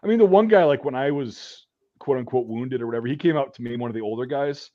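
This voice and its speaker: A man's voice: medium pitch, fast talker, highs cut off. A man hosting a podcast, chatting casually and telling stories with lots of swearing. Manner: animated, swears often, acts out what people said. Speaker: podcast host. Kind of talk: casual chat.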